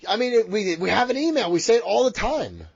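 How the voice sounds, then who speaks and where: Swearing podcast dude rambling fast, kinda high voice, muffled lo-fi sound. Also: male voice, creaky, breathy edge. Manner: rambling, profane, excitable. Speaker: podcast co-host. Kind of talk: casual podcast chat.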